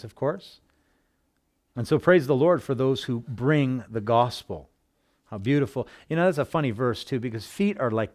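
A male pastor preaching a sermon in a conversational storytelling manner, with bursts of loud exclamation. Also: medium pitch.

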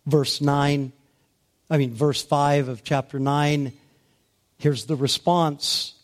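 A male preacher giving a sermon, moving between hushed, gentle passages and loud, rising emphasis, drawing out key words slowly. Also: fairly high pitch, flat delivery. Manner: slow, deliberate delivery with drawn-out key words.

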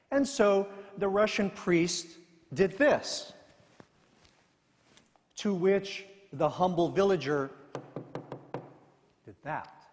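A male pastor preaching in a measured, deliberate way, reading scripture and telling a story. His voice sits a little high for a man. A long reverb trails every phrase, as in a large church.

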